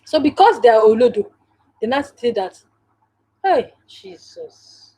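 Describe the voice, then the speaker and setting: A woman's voice: fairly high pitch, a little fast, dark tone, husky, low-quality recording. A woman with a Nigerian English accent hosting a casual live stream from home, chatting directly to viewers and laughing often.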